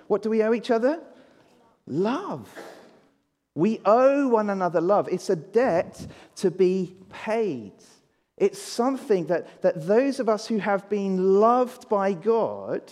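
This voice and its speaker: Long church reverb surrounds this preacher's high, slightly mellow voice. Delivering a children's talk at a service, he engages the congregation and leads them in repeating words with him.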